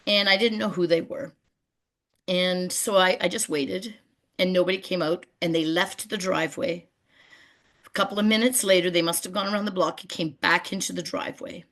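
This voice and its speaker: A middle-aged woman presenting on a video call webinar about community gardens, telling stories and lively when she quotes people. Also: on the low side. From Canada. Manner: warm storyteller, animated when quoting people.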